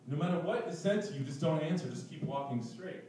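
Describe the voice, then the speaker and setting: A man voicing a small, calm, street-smart man guiding strangers, with hushed, low-key warnings. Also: fairly quick, slight background noise, close to an everyday voice. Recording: echoey room, distant mic.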